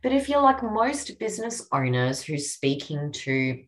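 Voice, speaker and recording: An Australian woman coaching her podcast listeners in a relaxed, chatty teaching style, her voice low for a woman. She speaks at an unhurried pace, yet her pitch swings widely with upbeat, encouraging energy. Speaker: podcast host and copywriting coach. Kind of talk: casual instructional podcast.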